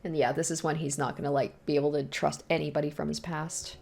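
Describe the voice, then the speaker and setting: A woman's voice: low-pitched, moderate pace, vocal fry, pauses often, a little mellow, soft background music. A woman making casual, giggly asides while reading through a story game. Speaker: game reader. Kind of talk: casual commentary between game lines.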